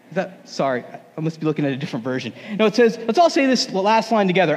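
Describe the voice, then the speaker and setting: A man preaching a sermon in a relaxed, conversational way, with humor. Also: sits high, quick pace. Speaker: pastor. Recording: long hall reverb.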